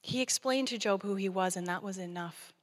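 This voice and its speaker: A woman's voice: medium pitch, fairly quick, big-room sound. A woman guest preacher giving a conversational sermon and acting out scripture dialogue.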